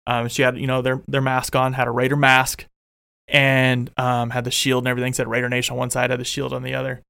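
A young man hosting a casual sports fan show, excitable and rambling, full of restarts. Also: medium pitch, quick pace, vocal fry, clean tone, no room sound, studio quality. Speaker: podcast host.

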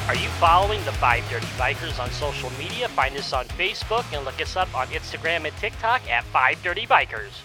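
A man's voice: a little high, expressive, a little fast, hardly any pauses. A man reading a scripted podcast intro with sponsor plugs in an upbeat announcer manner. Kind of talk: scripted promo read. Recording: loud music bed.

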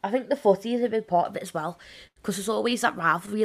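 A woman's voice: mid-range voice, fast, gravelly, a bit bright. A woman with a broad Scouse accent chats as an interview guest. Her talk is loose and rambling, scattered with fillers and easy laughter. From Liverpool, England. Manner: chatty, filler-heavy, laughs easily. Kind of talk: casual interview chat.

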